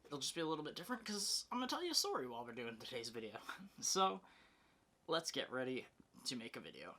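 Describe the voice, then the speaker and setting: A man's voice: medium pitch, wildly swooping pitch, fast talker, sharp tone. A young man telling a casual storytime vlog, candid and chatty, with fillers and self-corrections. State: out of breath. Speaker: vlogger. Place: home, then in his car.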